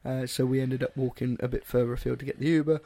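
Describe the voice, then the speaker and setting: A British podcast co-host telling a festival story in casual chat, swearing freely and acting out the people in it. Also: quick pace. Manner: animated, swears freely, acts out quoted people in high voices.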